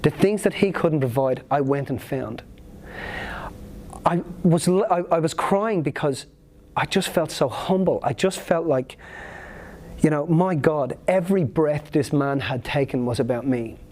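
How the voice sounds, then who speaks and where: A man's voice: a little high, measured pace, darkish tone. A man speaking at a seminar, telling a personal story in an earnest, emotional, vivid way.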